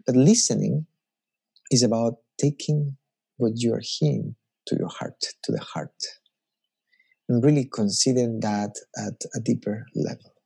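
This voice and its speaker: Gravelly, husky male preacher. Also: mid-range voice, a little slow, warm tone. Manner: reflective and personal, musing aloud. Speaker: pastor. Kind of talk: conversational sermon.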